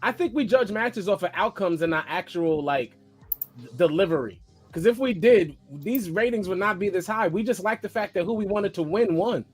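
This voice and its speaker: A man co-hosting a casual podcast chat, quick to argue his point. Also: high voice, expressive, slightly rough, soft background music. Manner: argumentative, quick to push back. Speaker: co-host.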